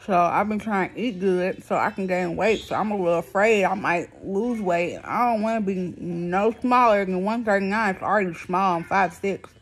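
A woman's voice: mid-range voice, moderate pace, hardly any pauses, soft background music. A woman vlogging casually, frustrated and blunt, her speech thick and lisping from a new palatal expander. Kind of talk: casual venting to camera.

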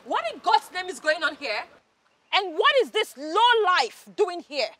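A Nigerian actress playing a proud, quick-tempered noblewoman who scolds sharply. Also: very high-pitched, very animated, bright, forceful tone, slight background noise, exaggerated voice. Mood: furious. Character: haughty hot-tempered young noblewoman. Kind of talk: Nollywood drama acting.

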